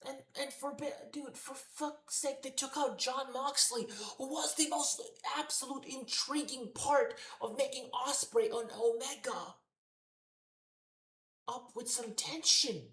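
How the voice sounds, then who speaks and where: A woman's voice: high voice, fairly even intonation, slow pace, a bit bright. A woman ranting heatedly as a wrestling show reviewer, swearing constantly and repeating herself in exasperation. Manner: profane, exasperated, repetitive ranting. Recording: roomy echoey room.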